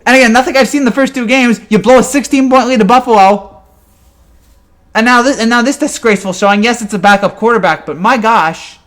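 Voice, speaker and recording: A man's voice: very high-pitched, fairly quick, fairly bright tone. A man in a fan reaction rant, exasperated and ranting with frequent stammered restarts. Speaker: sports fan commentator.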